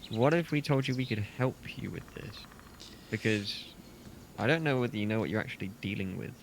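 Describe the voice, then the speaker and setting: A man's voice: fairly low pitch, lively intonation, fairly quick, gravelly, a little hiss or hum. A man playing a tabletop game, asking hesitant, probing questions in character. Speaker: player.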